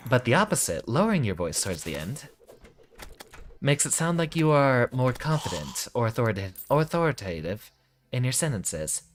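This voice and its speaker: A man streaming, explaining voice technique in casual talk, with a deep voice from the back of his throat and a melodic cadence that drops at sentence ends. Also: very animated, normal speed.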